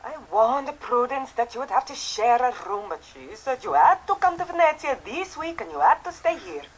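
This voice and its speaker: An actress playing a vain, chatty Venetian landlady in a mystery game, with a lively, theatrical delivery. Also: high-pitched, normal speed, a little hiss or hum, rough recording. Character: tanned Italian landlady in Venice, vain, chatty. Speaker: game character.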